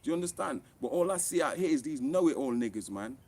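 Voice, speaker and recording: A man's voice: fairly high pitch, animated, fast talker, a little mellow. A man, an author and online commentator, delivers an impassioned rant to camera that is blunt, profane and heated, often jumping up in emphasis.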